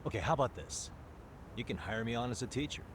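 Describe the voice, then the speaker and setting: A man's voice: mid-range voice, sing-song, quick pace, noisy background, natural voice. An actor playing an easygoing young male detective with a wry, laid-back way of talking. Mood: persuading.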